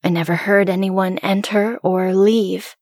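A woman reading a first-person horror story aloud, hushed and suspenseful. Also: mid-range voice, fairly even intonation, a little slow, no room sound, studio quality.

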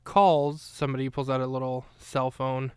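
Smooth-voiced man rambling through a recap. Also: medium pitch, level tone, normal speed, no room sound, clean studio sound. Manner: rambling, chatty, with many fillers. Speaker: podcast host recapping a film. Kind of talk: casual chat.

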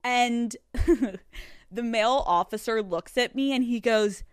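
A woman hosting a solo podcast in a studio, telling a story in an animated, profane way. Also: on the high side, slow pace, smooth, no room sound. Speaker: podcast host.

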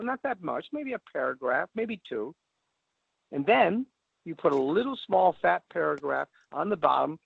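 A man talks through a phone line that sounds thin and dry. His voice is gravelly and sits a little high. He rambles in an animated way as a radio guest, acting out little phone calls as he goes. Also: dry recording. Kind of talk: casual advice talk.

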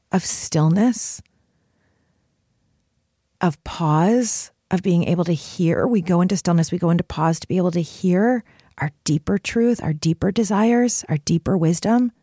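A woman's voice: fairly low pitch, darkish tone, no echo, studio quality. A woman hosting a solo podcast, talking in an earnest, emphatic, confessional way. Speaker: podcast host.

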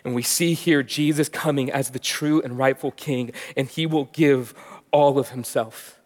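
A man preaching a sermon, swinging from soft and hushed to loud and emphatic. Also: medium pitch, fairly even intonation, unhurried. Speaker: pastor teaching. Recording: long reverb of a large hall.

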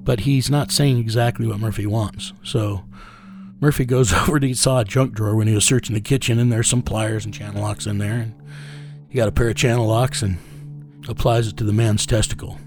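A man's voice: on the low side, fairly even intonation, fairly quick, music in the background. A man telling a story as an interview guest, blunt and profane, chuckling as he goes. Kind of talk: casual storytelling.

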